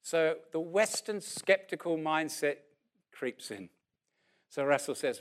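Animated preacher in his sixties. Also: a little high, moderate pace. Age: about 60. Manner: animated storyteller who acts out what people said. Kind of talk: storytelling sermon, then prayer.

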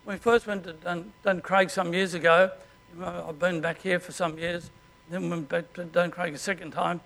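An Australian man preaching a sermon as pastor, in a conversational way and often clearing his throat. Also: high-pitched, level tone, moderate pace, a bit bright.

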